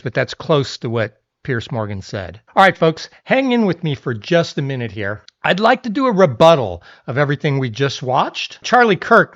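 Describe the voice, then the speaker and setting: A man with a fairly high, animated voice gives blunt, conversational commentary as a channel host. The audio is dull and lo-fi. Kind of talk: opinionated political commentary.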